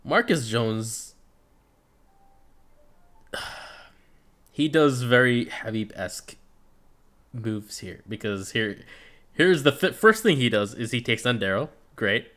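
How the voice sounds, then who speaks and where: A man's voice: medium pitch, animated, slow, long pauses, fairly bright tone. A man co-hosting a casual podcast, recapping a fight show in a laid-back way, swearing freely and trailing off. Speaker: podcast co-host.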